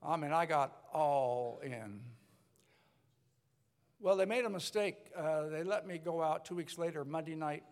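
An older man, a pastor, telling his story in a sermon, lively, with many restarts and acted-out voices. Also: on the high side, fairly quick, hardly any pauses. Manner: animated storyteller, acts out voices, rambling restarts. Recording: long hall reverb.

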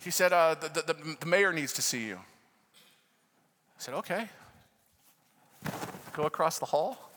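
An American man preaching a sermon, telling a story with passion and moving between loud fervent prayer and hushed narration. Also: fairly high pitch, slow, pauses often, slight background noise. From United States. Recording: reverberant hall.

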